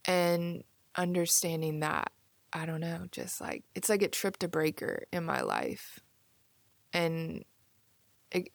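A young woman hosting a solo podcast, musing casually with many "like"s and soft asides. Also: on the low side, big pitch swings, slow, creaky, no room sound. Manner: casual, musing, filler-heavy with frequent "like". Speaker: podcast host. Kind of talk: reflective solo podcast monologue.

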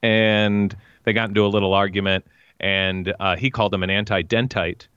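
A man's voice: lowish voice, little pitch movement, moderate pace, a bit bright, smooth, no room sound, dull audio. A man chatting as a guest on a podcast, joking around and slipping into silly voices. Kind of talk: casual podcast chat.

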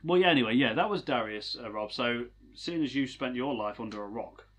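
A man co-hosting a casual chat podcast, jokey and quick to laugh. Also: medium pitch, fairly bright tone, slightly rough. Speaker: podcast co-host.

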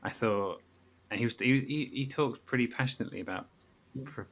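Podcast co-host, man, jokey rambling delivery, mid pitch. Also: brisk, fairly bright tone. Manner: rambling, stammers and restarts, jokey. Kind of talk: casual chat.

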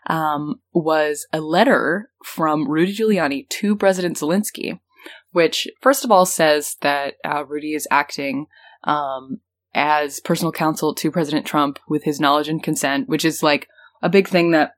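A woman's voice: sits low, moderate pace. A woman hosting a podcast, explaining news in casual, rambling chat full of fillers. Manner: rambling, lots of "um" and "like", laughs easily. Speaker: podcast host.

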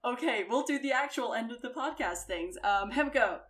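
A woman's voice: on the high side, expressive, moderate pace, a bit bright. A woman with an American accent hosting a casual podcast, swearing freely and laughing often. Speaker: podcast host.

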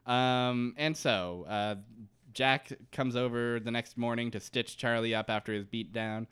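A man's voice: mid-range voice, fairly even intonation, a little slow, fairly bright tone, smooth. A man co-hosting a podcast, chatting casually as he recaps a TV episode, laughing often and trailing off mid-sentence. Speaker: podcast co-host. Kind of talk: casual chat recapping a show.

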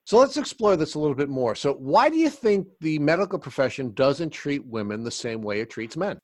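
A man's voice: a little high, big pitch swings, brisk, no echo. A man working as an interviewer who asks probing questions and recaps the story before asking.

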